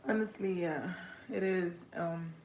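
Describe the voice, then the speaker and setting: A young woman talking to her viewers on a phone livestream, crying as she speaks, halting and grateful. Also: on the low side, a little mellow, a little hiss or hum, poor audio.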